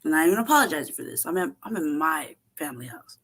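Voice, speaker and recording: Brief: woman host, casual profane storyteller, animated, quick to laugh. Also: deep voice, husky. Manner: profane, animated, laughs often, acts out quotes. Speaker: show host.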